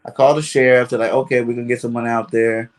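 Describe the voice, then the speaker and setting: A man's voice: mid-range voice, level tone, fast talker. Rambling man telling a story. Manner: rambling, fills with "you know". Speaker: caller. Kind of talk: casual storytelling.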